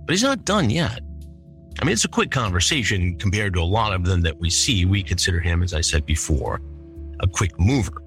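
A man's voice: sits low, big pitch swings, fairly quick, fairly bright tone, faint music behind. A middle-aged man hosting a true-crime podcast, reading chat logs aloud and adding incredulous, indignant commentary. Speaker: podcast host.

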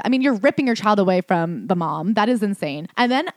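A woman co-hosting a podcast reads passages aloud and reacts with sarcastic disbelief in casual chat. She talks fast and incredulously in a rather high, animated voice, with clean studio sound and no echo.

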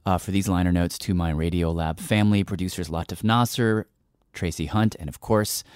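Man, radio host, low voice, loose conversational delivery, dry close sound. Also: clear, resonant tone, no echo. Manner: warm, halting with fillers and restarts. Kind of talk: radio show hosting, conversational.

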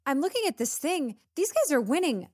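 Female co-host, higher voice, curious questioner, dry close sound. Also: very animated, a little fast, darkish tone, no room sound. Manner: curious, asks follow-up questions. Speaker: podcast co-host. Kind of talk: casual podcast chat.

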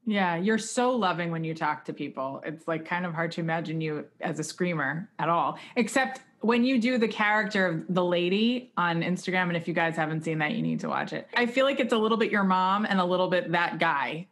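Female interview host, low-pitched, warm encouragement. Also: brisk, few pauses. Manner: encouraging, affirming. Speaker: podcast host.

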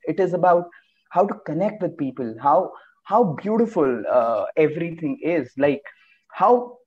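A man's voice: fairly high pitch, dull audio. A man from India, a podcast guest on a video call, talking in a casual, joking way and laughing often. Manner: laughing, joking, quick excitable bursts.

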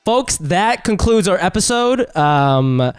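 A man's voice: high voice, very animated, takes it slowly, soft background music. A man hosting a comedy podcast, upbeat and jokey as he plugs the show. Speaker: podcast host. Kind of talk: casual comedy podcast chat.

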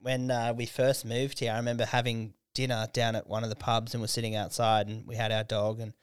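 A man's voice: mid-range voice, completely flat delivery, a little fast, clean tone, no echo, studio quality. An Australian man from Canberra, a comedian guest on a casual podcast, telling swearing stories and acting out the people in them. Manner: swearing storyteller, acts out quoted people. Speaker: guest, comedian and hip hop artist.

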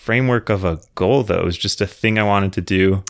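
A man co-hosting a podcast with a low voice full of gravelly fry. He talks in a dry, self-mocking way, often restarting his sentences. The sound is close and dry, with no room echo. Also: fairly quick. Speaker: podcast co-host. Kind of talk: casual chat.

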